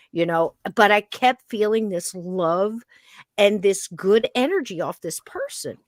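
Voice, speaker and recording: Woman podcast host telling a personal story, animated and chatty, dry close sound. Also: medium pitch, moderate pace, dry recording. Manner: animated, acts out the scene, many "you know" fillers. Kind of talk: personal story told in casual chat.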